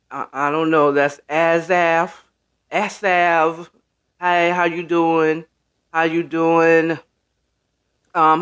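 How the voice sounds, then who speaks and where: Man, casual live-stream host, high voice, unhurried delivery, greets viewers by name. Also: a bit bright, smooth. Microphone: camera setup with ring light.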